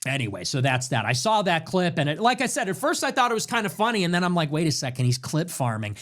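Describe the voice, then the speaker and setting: A man hosting his own political commentary show. His voice sits a little high and leaps around with lively, animated pitch. He delivers an emphatic monologue, mocking and sarcastic, and repeats his points for force. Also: quick pace. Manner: emphatic, repetitive. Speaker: show host.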